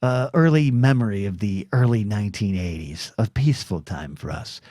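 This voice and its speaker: Warm and on the low side, this middle-aged podcaster speaks at normal speed in studio-quality audio without echo. Alone on the mic, he wanders off track, mocks himself, restarts often, and imitates quoted speakers in short bursts.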